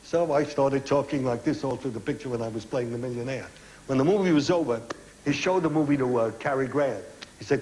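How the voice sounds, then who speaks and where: An older man spins a chat show anecdote with animated energy, slipping into quoted voices. The studio has a faint hiss and ambience behind him. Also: mid-range voice, brisk, poor audio. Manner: animated storyteller acting out quotes. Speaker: guest.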